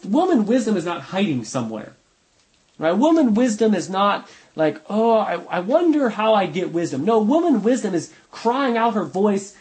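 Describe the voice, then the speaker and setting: A man's voice: sits high, darkish tone, rough recording. A man teaching a Bible study, reading verses aloud and explaining them in a conversational way, often repeating points for emphasis and correcting himself mid-sentence.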